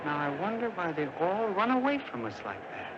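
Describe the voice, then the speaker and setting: Meek gentle animal lover, fairly high lively voice, coaxing, humble, dull hissy old film sound. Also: male voice, fairly quick. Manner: soft, coaxing, humbly polite. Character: meek, gentle man who loves animals. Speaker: film actor. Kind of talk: 1950s film acting.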